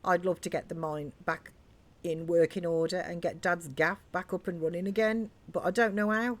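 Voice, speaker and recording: A woman's voice: fairly low pitch, steady tone, normal speed, lightly acted. A woman voicing a young Cockney woman, a pub landlord's daughter, blunt and cheeky in her slang. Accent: Cockney put-on. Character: chirpy Cockney barmaid's daughter, blunt and bossy.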